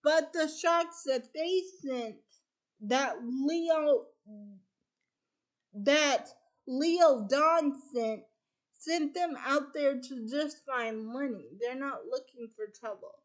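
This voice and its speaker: A woman's voice: high-pitched, extremely slow. A woman hosting a chat show, casually retelling a film's plot by chaining events together with "and then.". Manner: strings events with repeated "and then". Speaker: host.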